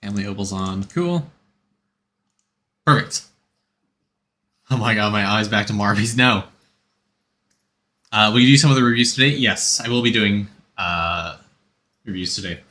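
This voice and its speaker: A man's voice: fairly low pitch, measured pace, long pauses, pushed and bright, a little hiss or hum. A man streaming a game, chatting casually and rambling as he answers chat and gives game tips.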